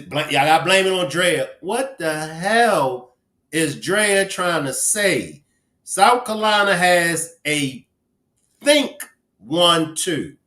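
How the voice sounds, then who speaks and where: This time the host's voice is high with a sharp edge. Still the Baltimore-accented man on a relaxed live stream, he jokes with viewers and reads off their names, all in an echoey room.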